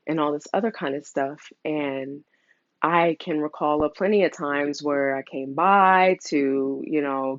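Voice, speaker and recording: A woman's voice: low-pitched, dry recording. Earnest mother, dry lo-fi sound. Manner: earnest, open, many fillers. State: emotional, near tears. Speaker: mother sharing a custody story. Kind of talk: personal confessional vlog.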